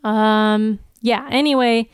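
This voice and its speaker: A woman co-host walks through a TV episode scene by scene, talking casually. Her voice is smooth and clear. The recording is dry and close, with no room sound. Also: fairly high pitch, fairly even intonation, takes it slowly, no echo. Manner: narrates plot in detail, reading out lines. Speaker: podcast co-host recapping episodes. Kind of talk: casual chat with scene-by-scene recap.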